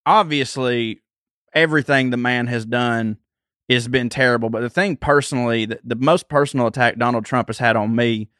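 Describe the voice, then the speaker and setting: A comedian from Georgia with a Southern accent, chatting on a podcast and telling rambling, self-deprecating stories. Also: male voice, mid-range voice, normal speed, a bit bright, dry recording, clean studio sound. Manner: rambling storyteller, self-deprecating, laughs often. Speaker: comedian guest. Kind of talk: casual podcast chat.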